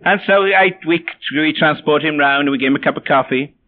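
Male preacher with a high voice, wry and self-mocking as he tells his stories, captured on a narrow, phone-like line. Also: a little fast. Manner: wry, self-deprecating storytelling. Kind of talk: sermon with personal anecdotes. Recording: tinny phone-like sound.

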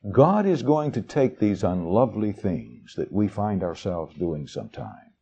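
A man preaching a sermon, reading Bible verses and explaining them in a homely, chatty way. His voice sits low and warm, and his pitch swings widely as he leans into the words. He often turns to the congregation with asides. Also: vocal fry, slightly rough, dull audio. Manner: folksy, conversational asides to the congregation; reads verses aloud with shifting dramatic emphasis.

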